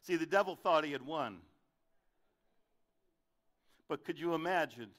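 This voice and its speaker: Bright-voiced pastor preaching with drama. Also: male voice, animated, a little slow. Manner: dramatic, swings from loud questions to soft low delivery. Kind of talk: sermon.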